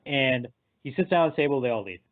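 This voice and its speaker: A man recapping a film in casual chat, animated and laughing, sometimes acting out the characters. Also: mid-range voice, fast talker. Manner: animated, acts out characters in quotes, laughs often. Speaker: podcast co-host. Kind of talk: casual movie discussion. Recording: tinny phone-like line.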